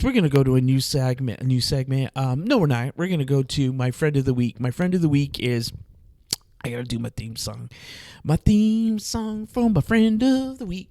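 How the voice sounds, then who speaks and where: Animated joking man, dry close sound. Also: no room sound. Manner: animated, jokey storytelling with quick swings in pitch and loudness. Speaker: podcast host. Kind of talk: casual comedic chat.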